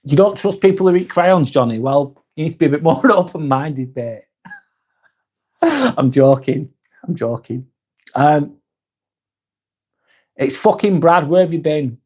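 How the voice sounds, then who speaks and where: A man's voice: a little high, expressive, measured pace, pauses often, darkish tone, breathy edge. Northern English male host, young adult, late-night live stream, tired, teasing and casual with the chat. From north of England. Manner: joking, swears casually, reads comments aloud.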